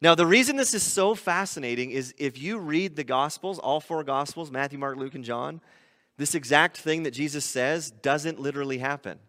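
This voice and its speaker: A pastor with a bright, forceful voice on the high side preaches an expository sermon at normal speed, his words carrying a big-room sound. He talks through scripture conversationally and poses rhetorical questions to his listeners.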